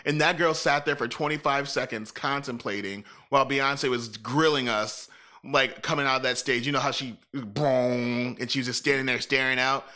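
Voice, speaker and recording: A man in a casual chat, telling a lively, profane story and acting out what people said. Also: medium pitch, brisk. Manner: animated, profane storytelling with acted-out quotes.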